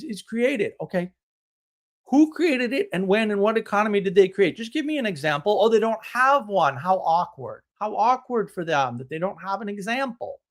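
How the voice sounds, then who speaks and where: A man's voice: high voice, fairly bright tone. A man hosting a live stream, ranting in a casual, blunt and scornful way, with sarcastic laughs. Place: home, drinking tea on stream.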